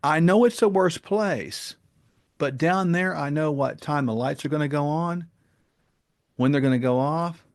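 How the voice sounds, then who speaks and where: A frightened grown man pleads through tears, as a male storyteller puts him on. The voice is pushed well above the storyteller's usual pitch and keeps a gravelly edge. He sounds desperate and unsure of himself. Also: unhurried. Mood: pleading. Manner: pleading, tearful. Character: frightened grown man begging to go back to jail.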